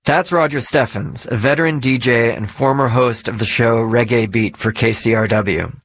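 A man narrating a documentary in a measured, explanatory way. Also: medium pitch, a bit bright.

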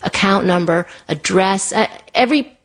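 A woman telling a personal story in a chatty way, full of "like" and "you know", jumping up high when she acts out voices. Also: normal speed. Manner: lively, acts out quoted voices in a much higher pitch.

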